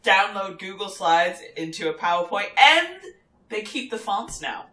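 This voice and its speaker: A woman co-hosting a podcast, a teacher talking in casual, emphatic bursts and swearing freely. Her voice is bright and clear, and the room adds a noticeable echo. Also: mid-range voice, animated, a little slow. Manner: emphatic, opinionated, swears, repeats words. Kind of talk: casual chat. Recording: roomy echo.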